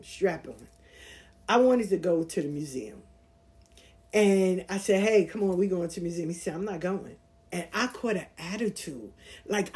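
Blunt lady in her 40s just talking her truth on her podcast, voice on the higher side. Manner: candid, blunt, animated storytelling with profanity. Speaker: podcast host. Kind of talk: casual monologue sharing personal stories.

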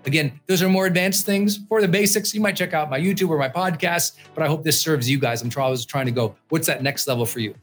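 Middle-aged male host, emphatic motivational speaker, slightly higher voice, faint music under. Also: quick pace, few pauses. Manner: energetic, emphatic, lists numbered points. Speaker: podcast host. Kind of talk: motivational talk.

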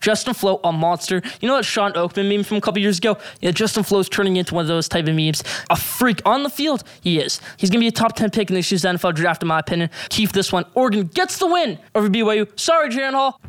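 A young man hosting a solo sports podcast, giving excitable, opinionated picks and rants. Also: high-pitched. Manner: rapid, excitable, opinionated delivery.

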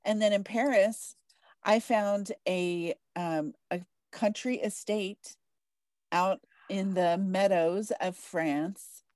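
A woman's voice: medium pitch, fairly even intonation, slow, a little mellow, no echo. Bubbly gushing woman podcast host. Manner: bubbly and gushing, laughs often. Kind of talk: casual interview chat.

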